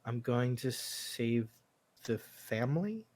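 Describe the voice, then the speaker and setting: A man voicing a scared, confused young boy who speaks softly and timidly. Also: medium pitch, sing-song, slow pace.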